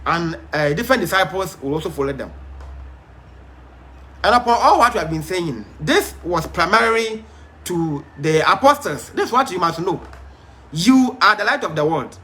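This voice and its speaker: A man's voice: high voice, animated, normal speed, bright, forceful tone. A man teaching a Bible study, emphatic but hesitant, with frequent fillers and restarts.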